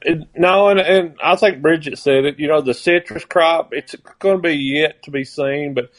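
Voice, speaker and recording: A man's voice: on the high side, moderate pace. A man from Arkansas with a Southern accent, a rice farmer talking as a radio guest in an easygoing, plainspoken way. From Arkansas, USA. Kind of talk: radio interview.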